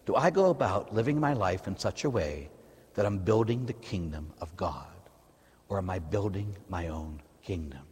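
Husky-voiced priest preaching in a reverberant church. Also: male voice, deep voice, normal speed. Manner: lively preaching with rhetorical questions. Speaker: Catholic priest. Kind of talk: conversational sermon.

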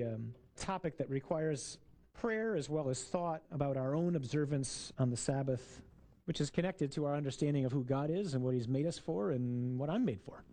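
A man's voice: on the high side, mellow. A man, a priest, giving a conversational sermon with jokes and asides to the congregation.

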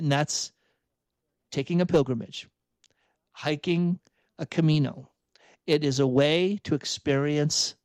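A man's voice: fairly high pitch, a little mellow, dry recording. A man reflecting earnestly on faith, asking rhetorical questions as he preaches. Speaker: Catholic speaker and author.

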